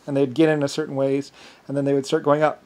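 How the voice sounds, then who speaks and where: A man telling a rambling, boastful story, halting often with fillers and restarts. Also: medium pitch, monotone, darkish tone, a little hiss or hum. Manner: boastful, grandiose. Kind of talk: rambling monologue.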